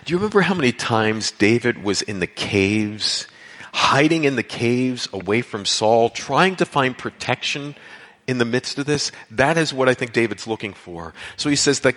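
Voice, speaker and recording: A man's voice: medium pitch, animated, moderate pace, a bit bright. A man preaching a sermon as a pastor, earnest and building to emphatic cries. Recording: long hall reverb.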